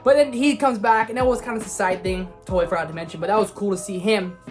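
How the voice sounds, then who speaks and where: A woman giving an excited spoiler movie review in a gushing, casual way, with slang and swearing. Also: mid-range voice, quick pace, soft background music. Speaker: film reviewer.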